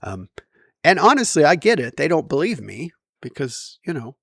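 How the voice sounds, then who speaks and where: A man's voice: fairly high pitch, big pitch swings, moderate pace, vocal fry, dry recording, studio quality. A middle-aged man musing at home in a rambling, wry, self-deprecating monologue. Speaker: vlogger.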